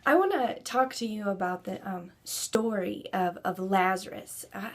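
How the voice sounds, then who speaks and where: A woman's voice: mid-range voice, a little slow. A woman giving an earnest devotional talk to camera, building to emphatic preaching. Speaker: Christian speaker.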